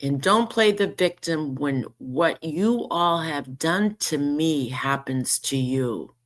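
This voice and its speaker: A woman's voice: sits low, slow pace. A woman vlogging casual commentary, indignant and sarcastic as she reads out messages and mocks them. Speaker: YouTuber responding to a message.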